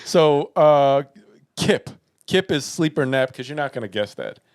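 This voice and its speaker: A man co-hosting a casual podcast, playfully quizzing his friend on slang words, spelling them out slowly and laughing often. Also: a little high, lively intonation, clear, resonant tone, no echo, studio quality. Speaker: podcast co-host. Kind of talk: casual chat.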